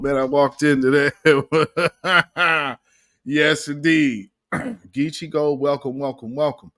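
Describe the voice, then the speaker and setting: A man hosting a casual livestream, reacting to clips with animated commentary, laughing often and greeting viewers by name. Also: on the high side, slow pace.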